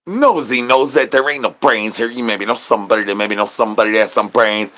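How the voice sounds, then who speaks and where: A man doing an absurd comic rant, rambling nonsense and doubling words in a sing-song way, with catchphrases he drags out into a slow chant. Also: fairly low pitch, a bit bright.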